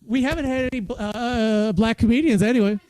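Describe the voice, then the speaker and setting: A man's voice: very high voice, a little fast, darkish tone, no echo, rough recording. A man who is a stand-up comedian, telling rambling, self-deprecating stories in a casual chat over a video call.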